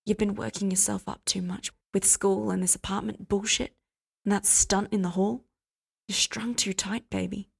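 A protective young lover, voiced by a woman reader, speaks in soft, soothing murmurs. The tone is even and husky, with a slight gravelly fry. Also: mid-range voice, normal speed.

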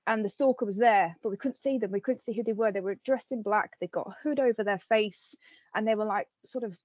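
Woman podcast host, lively storyteller, dry close sound, slightly muffled. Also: mid-range voice, fast talker, dry recording. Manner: animated storytelling with lots of fillers. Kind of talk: casual chat.

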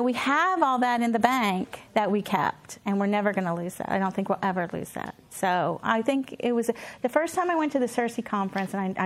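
A woman in her fifties talks through a conference session as a homeschooling mother. She is earnest and self-deprecating, starting sentences over as she goes. She also reads passages from a children's book aloud. Her voice sits at an ordinary middle pitch. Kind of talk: conference talk and read-aloud.

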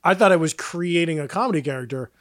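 A man with a slightly high voice chats with friends on a podcast. He tells funny stories, slips into little quoted voices and laughs a lot. The recording is close and dry. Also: expressive, fast, fairly bright tone, dry recording. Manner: storytelling, acts out quotes, laughs often. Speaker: podcast co-host. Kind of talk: casual chat.

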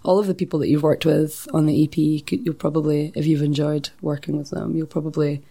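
Woman interviewer, very low pitch, gravelly and friendly. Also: flat delivery, fast talker, mellow. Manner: friendly, supportive follow-up questions. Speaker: music editor interviewing a guest. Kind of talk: casual interview chat.

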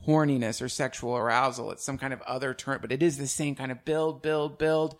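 A man's voice: medium pitch, fairly even intonation, a little fast. A man hosting a podcast, talking casually and animatedly, swearing and laughing as he speaks. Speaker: podcast host. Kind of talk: casual conversation.

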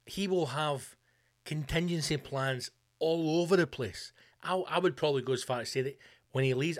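A Scottish man hosting a comedy podcast, ranting in a sweary, animated way. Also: a little high. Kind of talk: comedic rant.

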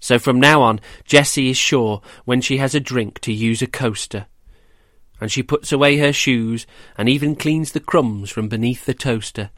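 A man reading a rhyming children's story aloud, gentle and measured, then quizzing children about it. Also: mid-range voice, dry recording, studio quality. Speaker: storyteller and host.

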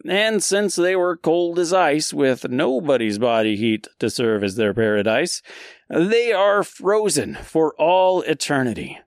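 A man with a fairly high voice hosts a podcast, talking slowly and swinging his pitch up and down. He retells an old poem as a casual joke-filled chat. He slips into silly voices for the characters, and the sound is dry and close. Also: lively intonation, dry recording. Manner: jokey and conversational, with quick silly voices for characters. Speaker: podcast host.

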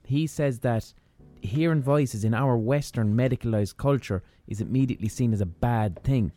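Guy hosting a podcast, asking a long curious question, warm mellow voice, kinda thinking out loud. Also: mid-range voice, moderate pace, no room sound. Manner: curious, thinks aloud, repeats himself. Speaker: podcast host. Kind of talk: conversational interview questions.

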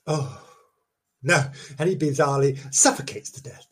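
Husky, theatrical man. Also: medium pitch, expressive, moderate pace, fairly bright tone. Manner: theatrical, gasping, giggly, repeats phrases. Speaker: podcast host. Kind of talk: comic ghost-story podcast monologue. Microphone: studio mic with headphones.

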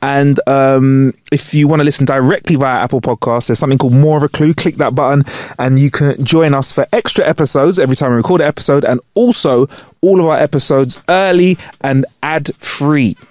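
A man's voice: medium pitch, steady tone, fairly quick, a little mellow, no room sound, clean studio sound. Slangy man co-hosting. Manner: slangy, banter-heavy. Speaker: podcast co-host. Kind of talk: casual chat.

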